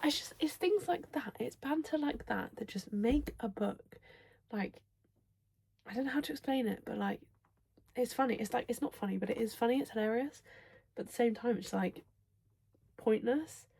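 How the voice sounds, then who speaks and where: Gushing young woman, mellow husky voice. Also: a little high, normal speed, pauses often. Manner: gushing, excitable, breaks into whispers. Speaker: book vlogger. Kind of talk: casual reading vlog chat.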